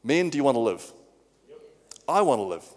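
A man's voice: medium pitch, big pitch swings, normal speed. A male preacher giving a sermon in an earnest way, often repeating words as he goes. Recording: long hall reverb.

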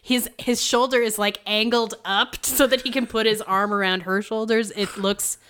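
A woman's voice: a little high, steady tone, moderate pace, fairly bright tone, clean tone. A woman co-hosting a podcast, casually recapping a TV episode with frequent laughs and wry asides. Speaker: podcast co-host.

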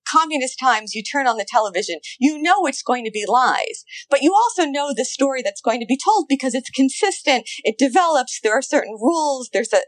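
A woman intellectual historian in a conversational interview, animated and quick, repeating words as she talks. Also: fairly high pitch, no room sound, poor audio.

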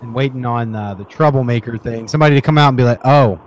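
A man's voice: medium pitch, rapid-fire. A man co-hosting a casual chat, adding dry, joking asides. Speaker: podcast co-host.

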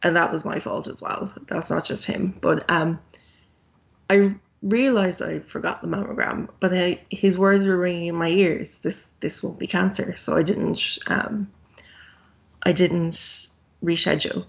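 A woman's voice: lowish voice, steady tone, measured pace, creaky, lo-fi sound. A woman in her thirties, a podcast guest telling her own story in a candid, plain-spoken way with frequent ums.

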